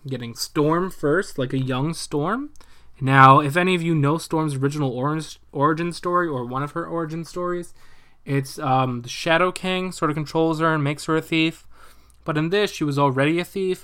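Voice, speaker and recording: A young man breezily recapping a film's plot, swearing freely and slipping into quick voices for each character. His voice is bright and forward, pitched a bit above most men's. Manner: animated, profane retelling with quick voiced asides for characters. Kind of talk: casual movie plot recap.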